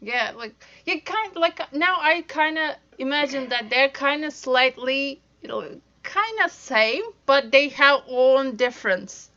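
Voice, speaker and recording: Bright high-voiced host, searching for words. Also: female voice, lively intonation, unhurried, hardly any pauses, muffled recording. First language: Turkish. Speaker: podcast host. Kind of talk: casual interview chat.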